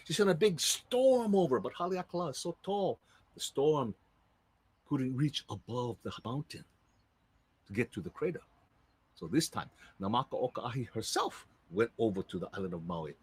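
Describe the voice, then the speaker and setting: A man from Hawaii telling island legends with lively sound effects, in a Hawaiian Pidgin accent. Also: mid-range voice, normal speed, husky. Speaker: storyteller. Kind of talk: live storytelling of legends.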